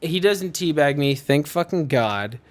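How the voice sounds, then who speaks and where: A man in his twenties telling a story in casual podcast chat, excited and swearing, often breaking into laughter. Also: on the high side, unhurried.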